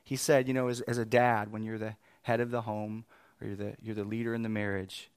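A man in his thirties preaching, telling a family story with animated swings between exasperated outbursts and quiet reflection. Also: fairly low pitch, a little fast, smooth, no echo. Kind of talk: sermon storytelling.

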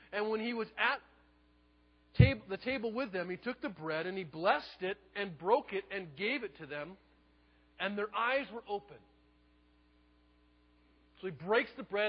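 A man preaching a sermon, telling the story in a lively way and acting out the quotes. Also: sits high, slightly rough, long reverb tail, dull audio. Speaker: pastor.

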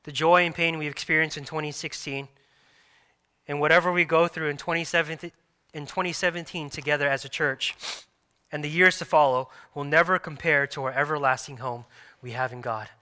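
A man in his thirties, a pastor preaching a sermon earnestly, repeating phrases and restarting softly. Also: fairly high pitch, fairly even intonation, fairly quick, clean tone.

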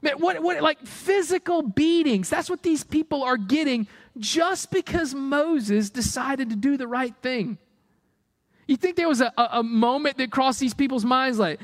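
A man's voice: very high-pitched, a little slow. A man preaching a sermon, firing rhetorical questions and acting out the people he quotes. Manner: animated, rhetorical questions, acts out quoted voices. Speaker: pastor.

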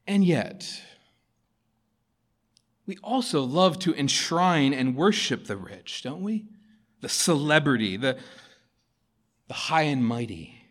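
A man, a pastor, giving a sermon and reading a story aloud with expressive delivery. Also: a little high, slow pace, pauses often.

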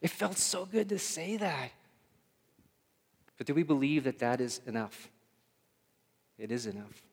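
A man's voice: mid-range voice, sing-song, unhurried, slightly rough. Pastor guy giving a sermon, chatty and casual, keeps repeating words, big echoey church. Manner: conversational, repeats words while searching for them, asks the congregation questions. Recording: reverberant hall.

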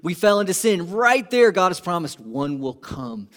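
Male pastor, higher-pitched voice, impassioned sermon delivery with swings from loud peaks to hushed lows. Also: very animated, moderate pace. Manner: impassioned, swings from loud emphatic peaks to quiet low asides.

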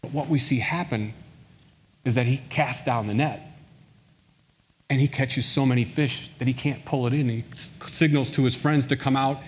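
A man's voice: medium pitch, fairly even intonation, moderate pace. A man preaching a sermon, telling a story and acting out the quoted lines. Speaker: pastor. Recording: long hall reverb.

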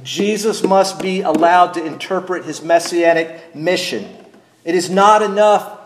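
Preaching as pastor, a middle-aged man with a high voice speaks deliberately and poses questions to his congregation, his words echoing around the room.

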